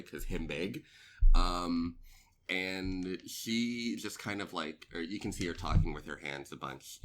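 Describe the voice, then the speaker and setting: A man's voice: extremely low pitch, pushed and bright, slight background noise. A man narrating as game master of a tabletop role-playing game, rambling with many fillers.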